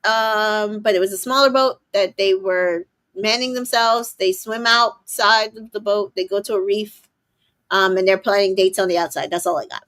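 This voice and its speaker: A woman's voice: mid-range voice, steady tone, normal speed, a bit bright. A woman who is a mother of two boys, co-hosting a casual recap chat, summarizing events with many ums and exasperated asides. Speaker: co-host.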